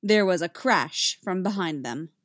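Lady reading fiction out loud, calm steady narration, no room echo. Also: on the low side, a little slow, studio quality. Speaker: reader. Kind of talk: reading fan fiction aloud.

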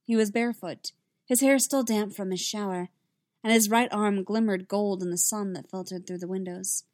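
Woman, story reader, even and unhurried, dry close sound. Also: mid-range voice, no room sound. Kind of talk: reading fan fiction aloud.

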